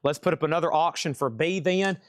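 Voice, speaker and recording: Male auction host for a live record sale: quick, chatty bid-calling, slightly high pitch, dry recording. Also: no echo.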